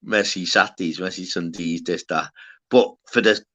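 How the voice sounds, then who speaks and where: Bright-voiced man rambling on a stream. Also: deep voice, steady tone, moderate pace. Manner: rambling, slangy, calls everyone lad. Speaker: livestream host. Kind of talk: casual livestream chat.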